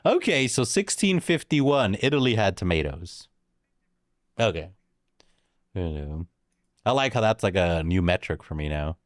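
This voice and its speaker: A man's voice: sits low, big pitch swings, measured pace, pauses often, no echo, clean studio sound. A young man streaming live, chatting casually with a jokey, slangy banter style. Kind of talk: casual stream chat reacting to chat.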